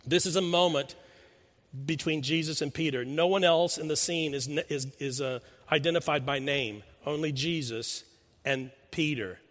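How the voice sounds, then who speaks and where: A man's voice: on the high side, normal speed, a bit bright. A man preaching a sermon in a church, telling a story earnestly and asking his listeners questions. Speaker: pastor. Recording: long hall reverb.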